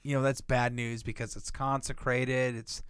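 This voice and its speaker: A man's voice: medium pitch, little pitch movement, moderate pace, fairly bright tone, smooth, no echo, studio quality. A man co-hosting a casual podcast, telling rambling, profane stories and acting out what people said. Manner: rambling profane storyteller who acts out quotes. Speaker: podcast co-host.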